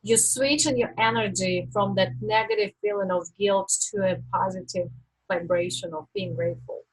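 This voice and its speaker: A woman life coach giving a live-stream coaching talk, teaching in a slow, deliberate way with reflective pauses. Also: medium pitch, breathy edge, poor audio.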